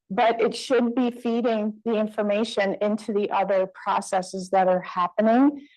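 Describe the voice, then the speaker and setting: A woman's voice: mid-range voice, darkish tone, rough recording. Woman presenter answering questions. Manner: conversational, with fillers and restarts. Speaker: conference presenter. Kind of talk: Q&A after a talk. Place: conference room.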